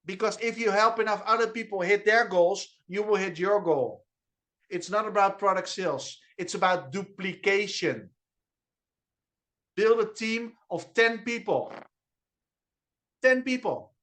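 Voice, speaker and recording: A man with a Dutch accent, unusually high-pitched for a man, speaks with eager enthusiasm on a video call. He hammers home key phrases over and over, tripping over quick restarts as he pushes his team. He sounds like a trainer fired up about his message. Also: a bit bright. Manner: enthusiastic, repetitive, with restarts and stutters. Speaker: network marketing trainer. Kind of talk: energetic online training talk.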